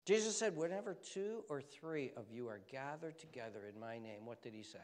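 A man's voice: medium pitch, lively intonation, fairly quick, hardly any pauses, darkish tone. A man preaching a sermon, reading scripture aloud and explaining it with emphasis. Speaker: pastor. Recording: long reverb of a large hall.

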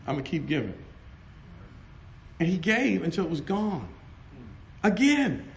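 Middle-aged preacher guy, loud n animated, high bright voice that swings all over. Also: unhurried, creaky, a little hiss or hum. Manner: loud, animated, laughing between stories. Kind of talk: lively storytelling sermon.

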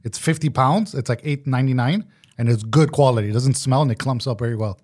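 A young man in casual podcast banter, teasing his friend and laughing easily. His voice sits at an ordinary middle pitch, relaxed and conversational. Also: fast. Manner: joking, laughs often, says bro. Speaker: podcast co-host. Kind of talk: casual chat.

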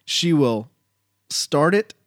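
A man's voice: on the high side, expressive, extremely slow, a loud crowd. A man co-hosting a casual chat, telling a story with plenty of ums and uhs. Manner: storytelling with many fillers. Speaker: podcast co-host.

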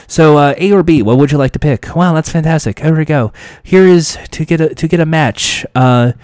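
A man's voice: a little high, moderate pace, darkish tone, dry recording, clean studio sound, lightly acted. A man impersonating a dignified, chatty British game show host, with a British accent and rambling, upbeat patter. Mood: cheery.

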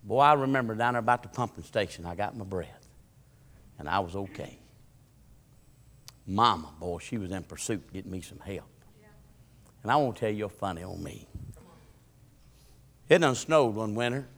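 A man preaching a sermon, moving between shouted, fervent lines and folksy stories. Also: on the low side, normal speed, long pauses. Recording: long hall reverb.

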